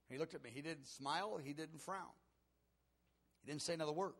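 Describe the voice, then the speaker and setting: A middle-aged man delivering an earnest, emotional sermon testimony. His voice is gravelly and a little husky, pitched slightly high for a man. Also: brisk, sharp tone. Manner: earnest, emotional storytelling with rising intensity. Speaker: preacher.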